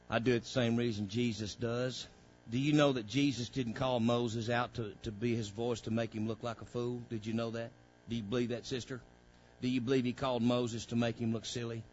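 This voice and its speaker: A man preaching a sermon as pastor, calling out to the congregation and swelling into fervent, loud passages. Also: medium pitch, muffled recording. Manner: preaching with call-outs to the congregation, rising to loud fervor.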